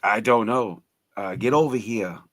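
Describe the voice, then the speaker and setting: A man co-hosting a casual live stream, loud and rambling, repeating himself and saying bro a lot. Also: fairly low pitch, a little slow, dry recording.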